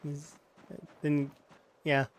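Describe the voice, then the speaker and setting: A man's voice: on the high side, completely flat delivery, very slow. Rambling male game streamer. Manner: rambling, restarts words, dismissive of complaints. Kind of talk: casual gameplay commentary.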